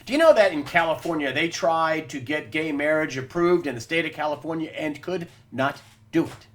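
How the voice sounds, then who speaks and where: A man's voice: on the high side, normal speed, a bit bright. A man hosting a weekly news wrap-up, giving emphatic, combative political commentary and calling his listeners "folks.". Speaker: host of a weekly news show.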